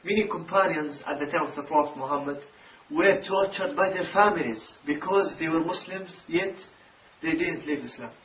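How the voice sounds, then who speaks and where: Man narrating a documentary, measured. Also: fairly high pitch. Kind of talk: scripted narration. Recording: distant echoey dull recording with hiss.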